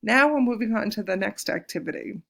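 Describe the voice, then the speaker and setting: Casting note: woman, Spanish teacher, gravelly edge, patient and clear, slows down to model words. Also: mid-range voice, animated, a bit bright. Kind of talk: recorded classroom lesson.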